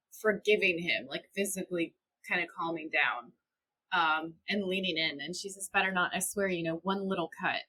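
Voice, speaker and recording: On a low-quality recording, a fairly low-pitched woman's voice sounds sharp with a breathy edge. She's a young podcast co-host in a casual recap chat, animatedly retelling scenes and quoting characters in her own voice.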